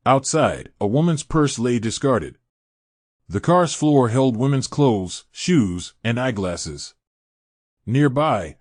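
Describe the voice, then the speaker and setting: A man giving a scripted, dramatic true crime narration in a measured storytelling delivery. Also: medium pitch, darkish tone, no room sound, studio quality.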